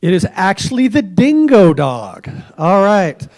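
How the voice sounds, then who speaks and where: A man's voice: sits high, sing-song, measured pace, darkish tone. A man hosting a trivia quiz at a club meeting, joking with the tables and offering hints for a dollar.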